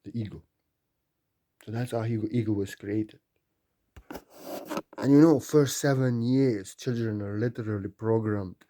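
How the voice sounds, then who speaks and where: A man giving a spiritual talk, repeating phrases emphatically and building to loud bursts. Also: lowish voice, a little slow, pauses often, slight background noise. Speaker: spiritual teacher.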